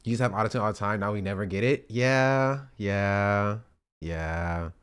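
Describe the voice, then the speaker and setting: A man's voice: lowish voice, normal speed, a bit bright, clear, resonant tone. A male streamer chatting casually and joking with his chat while testing his audio setup. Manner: rambling, joking, testing his mic aloud.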